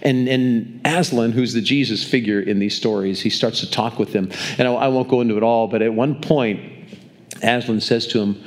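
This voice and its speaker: A man's voice: mid-range voice, normal speed. Older man preaching conversationally. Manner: conversational storytelling, repeats words as he restarts. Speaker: pastor. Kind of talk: sermon. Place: church, speaking to a congregation.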